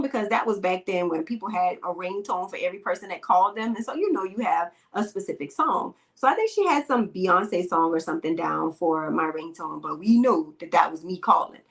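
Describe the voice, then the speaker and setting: A woman's voice: mid-range voice, a bit bright. A woman hosting a podcast, talking bluntly and emphatically in slangy, casual speech and telling stories into a microphone. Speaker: podcast host. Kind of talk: casual opinion talk and storytelling.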